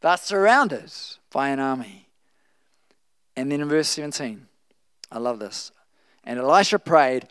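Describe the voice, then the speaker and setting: Lively preacher, smooth voice. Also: male voice, mid-range voice, measured pace, pauses often, dry recording. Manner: animated, acts out Bible quotes with playful asides. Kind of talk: sermon.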